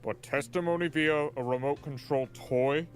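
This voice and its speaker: A man's voice: on the high side, normal speed, soft background music, lightly acted. A man putting on a dithering old judge. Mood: fussy, formal. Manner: mild, dithering courtroom formality. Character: elderly male courtroom judge, fussy and easily swayed. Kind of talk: voiced game dialogue read-along.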